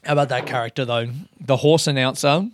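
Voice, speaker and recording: A man's voice: mid-range voice, brisk, slight background noise. A young man, a comedian rambling loosely through stories in a sweary, self-mocking way. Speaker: comedian podcast host. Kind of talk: casual rambling monologue.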